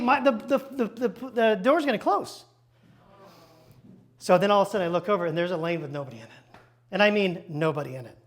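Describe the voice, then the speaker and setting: A man with a very high-pitched voice preaches by storytelling. He acts out each exchange in animated bursts and throws quick asides to the congregation from a church stage. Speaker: pastor. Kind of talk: storytelling sermon.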